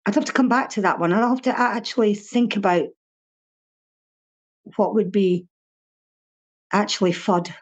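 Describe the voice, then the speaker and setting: An older woman from Fife, Scotland, is a guest in a casual interview, chatting bluntly with a Fife Scottish accent, swearing freely and laughing often. Her voice sits in the mid-range at a moderate pace with frequent pauses, and the audio is dull.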